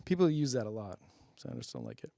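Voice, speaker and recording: A man's voice: fairly low pitch, wildly swooping pitch, quick pace, gravelly, dark tone, no room sound, studio quality. A man hosting a public-access comedy show, rambling through jokes, laughing at his own bits and asking if they land. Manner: loose, rambling, many fillers. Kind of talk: rambling comic monologue.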